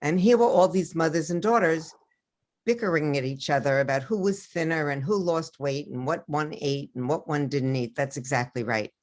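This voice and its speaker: An older woman with a low voice tells personal stories as an interviewed author. She tells them in a lively way and acts out the voices of the people she quotes. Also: normal speed. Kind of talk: storytelling interview over video.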